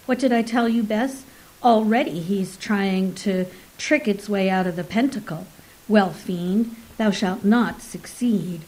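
A boastful male conjurer from Elizabethan times, declaiming in old-fashioned speech at a slow, deliberate pace, as a woman reading a story puts him on. The delivery is commanding. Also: mid-range voice, darkish tone, natural voice, low-quality recording. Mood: scornful. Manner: archaic, declaiming.

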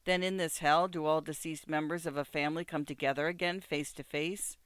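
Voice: medium pitch, steady tone, brisk, fairly bright tone, clear, resonant tone, no echo, studio quality, lightly acted. A reader voicing an earnest, worn-out beggar woman. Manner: intense, earnest questioning. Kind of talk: audiobook character voice.

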